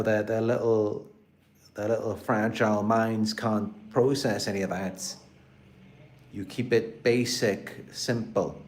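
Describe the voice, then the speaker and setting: Slight background noise accompanies a man whose voice is low and a little mellow. Hosting a live stream about narcissistic abuse in a British accent, he speaks casually and rambles, often repeating words, restarting, and using "you know" as filler.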